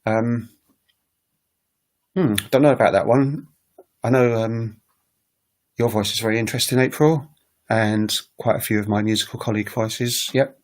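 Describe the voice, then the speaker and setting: A man's voice: medium pitch, steady tone, normal speed, long pauses, darkish tone. A man teaching on a casual livestream, talking in a rambling, hesitant way with many fillers. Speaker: language teacher and recorder player. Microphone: webcam livestream setup.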